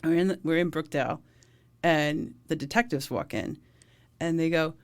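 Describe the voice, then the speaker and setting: A woman's voice: low voice, moderate pace. A middle-aged woman, a first responder, telling blunt, talkative stories in a casual interview and laughing often.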